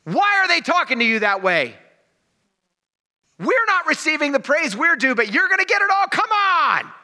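A man voicing indignant male religious leaders who shout and scold. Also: very animated, normal speed, full character voice. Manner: shrill, shouting.

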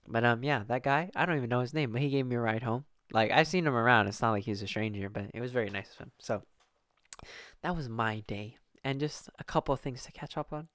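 A man's voice: mid-range voice, dry recording, clean studio sound. A young man hosting his own podcast alone, chatting casually and rambling with lots of swearing and restarts. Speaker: podcast host. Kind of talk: casual solo podcast chat.

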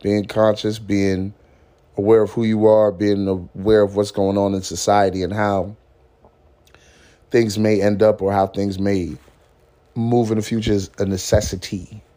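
A man's voice: on the low side, level tone, unhurried, dark tone. A man hosting a casual motivational podcast, talking in a laid-back, slangy way, swearing freely and laughing at his own stories. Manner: slangy, says "man" often. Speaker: podcast host.

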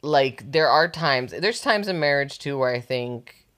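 A young woman co-hosting a casual podcast chat, talking fast and loosely and laughing often. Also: a bass voice, expressive, a bit bright. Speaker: podcast co-host.

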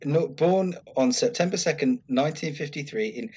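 A man's voice: fairly high pitch, normal speed, dark tone, highs cut off, slight background noise. A man, co-hosting a podcast in casual banter, blunt and teasing with lots of swearing. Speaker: podcast co-host.

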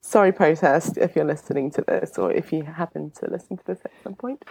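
A woman's voice: brisk, gravelly, few pauses, a little mellow, slightly rough. A woman chatting casually as a podcast guest, bubbly, with lots of fillers and laughter. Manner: bubbly, swooping pitch, many fillers and laughs. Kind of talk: casual chat.

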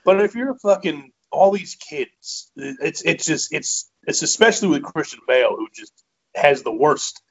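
A man co-hosting a comedy podcast, giving a blunt, halting opinion with some swearing. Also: a little high, very animated, slightly rough. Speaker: podcast co-host. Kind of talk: casual podcast chat. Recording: dull lo-fi sound.

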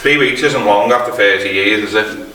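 A man's voice: lowish voice, normal speed, sharp tone. A man co-hosting a podcast who chips in with short, sympathetic remarks. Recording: distant, echoey room with faint noise.

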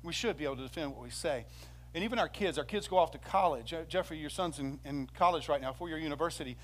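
Male pastor, sermon delivery, a bit high-pitched, acts out the quotes with energy. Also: fast. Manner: animated storytelling, acts out quoted speech.

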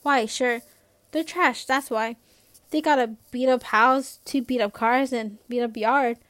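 A young woman reading aloud as a blunt, scornful middle-aged father who talks loudly. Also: fairly high pitch, fairly even intonation, a little slow, dry recording.

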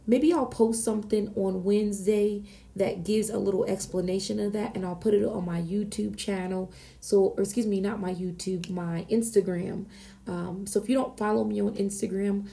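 A woman hosts an oracle card reading with a very dark, mellow tone and a gravelly edge of vocal fry. She talks in a casual, unscripted way, earnest and exclamatory, often restarting her sentences as she channels her messages. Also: mid-range voice. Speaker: oracle card reader and podcast host.

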